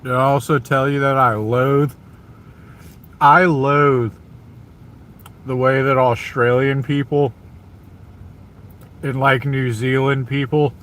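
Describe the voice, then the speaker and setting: A man's voice: mid-range voice, level tone, slow, pauses often, fairly bright tone. An American man ranting in a repetitive, emphatic, exasperated monologue. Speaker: vlogger.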